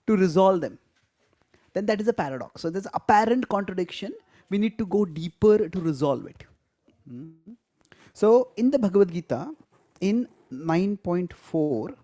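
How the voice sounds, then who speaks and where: A man's voice: sits high, dark tone. A man teaching a live class on scripture, explaining step by step, stressing key words and laughing often. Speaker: spiritual teacher.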